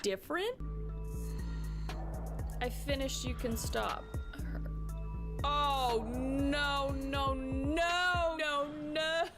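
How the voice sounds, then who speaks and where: A woman streamer giving casual, chatty reaction commentary with quick exclamations. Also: sits high, steady tone, over loud music.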